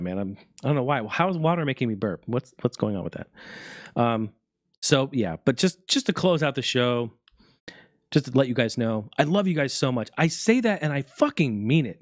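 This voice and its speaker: A man's voice: medium pitch, no echo, clean studio sound. A man hosting his own gaming podcast, talking casually in a rambling, heartfelt way and swearing freely. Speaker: podcast host. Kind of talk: casual solo podcast talk.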